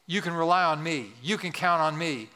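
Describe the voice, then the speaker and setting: A man's voice: a little high, moderate pace, bright, forceful tone. A man in his sixties, a pastor delivering an emphatic sermon in a large church, repeating key phrases and asking the congregation questions. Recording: long reverb of a large hall.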